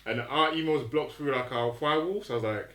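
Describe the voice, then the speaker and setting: A man's voice: mid-range voice, brisk, a bit bright. A man co-hosting a podcast, telling a story in laid-back casual chat. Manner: laid-back, quotes others in his story. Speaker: podcast co-host. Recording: echoey room.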